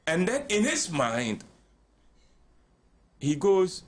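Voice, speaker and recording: An older man with a Ghanaian English accent, a radio guest giving relaxed counselling talk, who tells stories animatedly, acts out the voices he quotes and chuckles often. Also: on the high side, a little slow.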